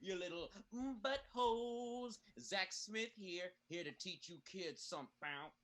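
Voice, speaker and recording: Man playing a boastful crude young bully, rambling, self-amused, bright tense voice, a bit high. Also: slow pace, exaggerated voice. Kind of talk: comedic play reading.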